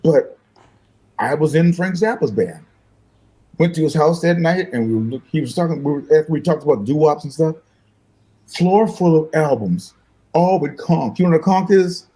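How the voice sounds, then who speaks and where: An older man, a guest musician, telling animated, fast-paced stories in an interview and acting out the voices of the people in them. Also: fairly high pitch, poor audio. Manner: fast-talking, acts out voices in his stories, laughs often.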